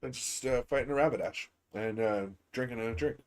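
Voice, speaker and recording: A man's voice: medium pitch, fairly quick, soft background music. A young man streaming a game, chatting casually and joking with a friend, laughing often. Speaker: gaming streamer. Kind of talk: casual chat while playing a game.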